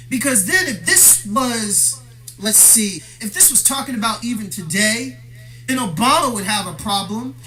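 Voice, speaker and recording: Man, sharp bright voice, profane grievance rant for a vlog, faint music underneath. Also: very high-pitched. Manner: profane, aggrieved, confrontational. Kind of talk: ranting monologue to camera.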